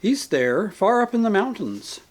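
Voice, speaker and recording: Guy reading as a calm kind spirit, patient, talks w/ lots of lift and fall. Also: high voice, unhurried, pitched above the performer's own voice, exaggerated voice. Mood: gentle. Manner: calm, kindly, reasoning. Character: gentle patient male spirit, brother figure. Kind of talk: audiobook character reading.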